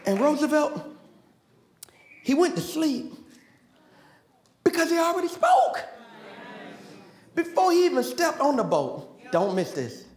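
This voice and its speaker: A man preaching a sermon in a large church, joking with the congregation and building to shouted call-and-response. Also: extremely high pitch, sing-song, slow pace, pauses often, some chatter behind. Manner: folksy, joking asides. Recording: echoey church hall with faint music.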